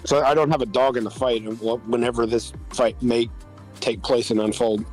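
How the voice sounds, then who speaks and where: A man co-hosting a podcast, giving measured opinions in casual chat with plenty of fillers. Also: medium pitch, steady tone, darkish tone, soft background music, rough recording. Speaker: podcast co-host.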